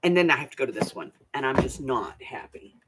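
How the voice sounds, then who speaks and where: A woman's voice: very deep voice, sing-song, fairly quick, noisy background. An older woman hosting a craft channel, telling a rambling, chatty story with many asides. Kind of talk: casual storytelling vlog.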